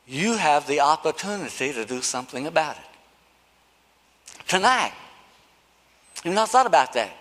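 Preacher guy, really high voice, goes from shouting to hushed, echoey church hall. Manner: impassioned, swings between shouting and hushed pleading. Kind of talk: sermon. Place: church sanctuary. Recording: long hall reverb.

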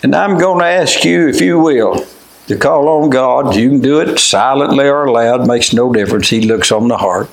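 An older man with a drawl preaches in a folksy, unhurried way, mixing old-fashioned scripture wording with plain talk. His voice sits at an ordinary middle pitch. The room around him rings with echo. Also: gravelly. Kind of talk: folksy sermon with storytelling. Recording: echoey room.

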